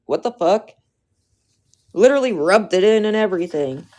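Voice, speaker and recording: A woman's voice: mid-range voice, expressive, moderate pace, darkish tone. A young woman livestreaming, talking casually to her chat and venting with plenty of swearing.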